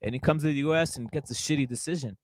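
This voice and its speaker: A man's voice: medium pitch, very fast, poor audio. Heated, profane male boxing host. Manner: profane, heated, repetitive, keeps saying "brother". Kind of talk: casual livestream rant.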